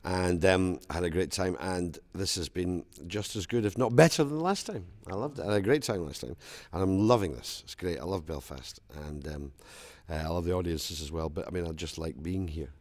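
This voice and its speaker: A Scottish actor in a jovial, chatty backstage interview. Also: male voice, deep voice, lively intonation, fairly quick, few pauses, a little mellow. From Scotland.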